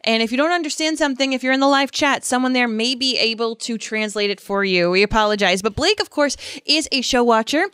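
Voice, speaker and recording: A woman's voice: on the high side, brisk, few pauses, fairly bright tone, clear, resonant tone, no room sound. A woman with a Rhode Island accent, a blend of Boston and New York, co-hosting a podcast from her home studio in bubbly, chatty banter. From Rhode Island, USA. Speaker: podcast co-host. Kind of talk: casual podcast chat.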